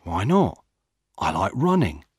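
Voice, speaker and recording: A man's voice: deep voice, huge pitch swings, slow, slightly rough, no echo, studio quality, exaggerated voice. A man reading a storybook aloud, voicing a defensive, cheeky young male jogger.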